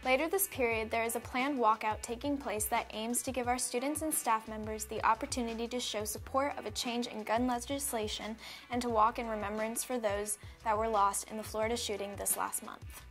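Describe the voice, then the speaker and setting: A woman's voice: fairly high pitch, fairly even intonation, fairly quick, a bit bright, faint music behind. A teenage girl anchoring a school news broadcast with an upbeat, scripted read. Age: teens.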